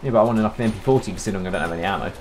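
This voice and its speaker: A man's voice: lowish voice, racing, darkish tone, a little hiss or hum. A man chatting while gaming with friends, bossy and teasing. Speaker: gamer. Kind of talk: casual gaming chat.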